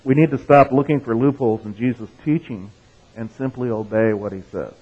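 A man's voice: medium pitch, brisk, husky, phone-quality sound. Guy pastor preaching, chatty, keeps saying right? okay?, sounds like it's coming through a phone. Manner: conversational, checks in with "right?" and "okay?"; reads scripture with rising emphasis, tells jokes. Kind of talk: sermon.

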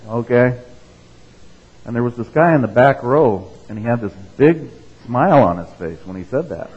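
In a dull, reverberant hall, a male pastor with a fairly low, darkish, husky voice delivers an easygoing sermon at a moderate pace. Quotations get read with rising emphasis, and he keeps tossing "okay?" and "right?" at the congregation to check they're following.

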